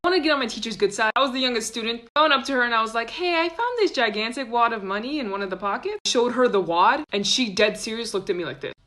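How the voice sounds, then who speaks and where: A woman telling a casual storytime in a bright, forward voice. She chats along and throws herself into quoting what other people said. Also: fairly high pitch, fast, hardly any pauses. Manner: chatty, animated quoting of others.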